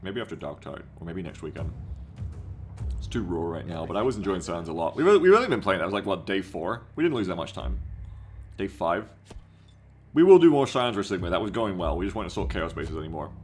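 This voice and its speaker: A man's voice: sits low, sing-song, quick pace, a little hiss or hum. A man streaming a game, talking loosely and chattily, swearing and reading out chat messages. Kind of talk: casual livestream commentary.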